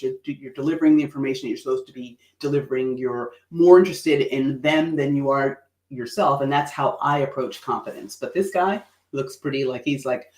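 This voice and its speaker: Animated woman coaching on public speaking. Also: low-pitched, echoey room. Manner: animated and playful, acting out quoted voices with laughs. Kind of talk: livestream teaching on presentation skills.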